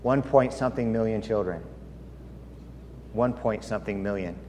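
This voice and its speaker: Earnest storytelling pastor in a reverberant hall. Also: male voice, lowish voice, normal speed, mellow, a little hiss or hum. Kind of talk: sermon with personal storytelling. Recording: long hall reverb, faint ambience.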